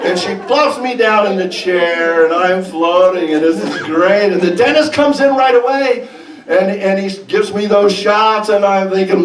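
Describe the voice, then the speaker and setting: An animated man tells a funny story live on stage in a fairly high voice. He is heard from a distance in a reverberant hall with the audience clearly present. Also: normal speed, a crowd in the background. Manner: animated, comic, breaks into laughter. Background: audience laughter.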